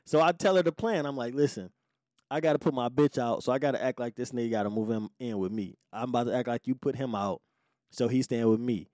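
A man tells a story from his younger days on his podcast, speaking loosely and swearing in nearly every sentence. He slips into other people's voices to act out their lines. His voice sits at a middle pitch, and the recording is dry and close, with no room sound. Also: quick pace, a little mellow, no room sound. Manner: profane, acts out quoted lines. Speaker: podcast host. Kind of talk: casual storytelling.

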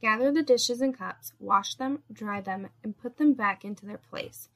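A woman's voice: on the high side, moderate pace, natural voice. A woman reading as a contemptuous, bossy woman. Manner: barking orders, insulting. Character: domineering woman, harsh and contemptuous.

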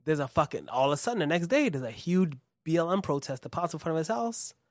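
A man's voice: fairly high pitch, sing-song, fast, dry recording, studio quality. A young man in casual chat, rambling and swearing with many restarts while he tells a story. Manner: rambling and profane, many restarts, acts out quotes.

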